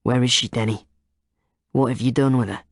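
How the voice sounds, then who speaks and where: A man reading as a cool, low-key detective in an audiobook. He speaks softly and curtly, somewhat lower than the narration, in a dry, close voice. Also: fairly even intonation, normal speed, dry recording, natural voice. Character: second male detective, calm and cool.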